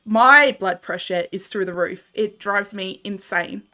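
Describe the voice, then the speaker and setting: Australian woman, game streamer, laughs easily, bright forceful tone, casual banter. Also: medium pitch, unhurried. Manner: chatty, laughs often, banters and swears while playing. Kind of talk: casual live-stream chat with viewers. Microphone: desk microphone.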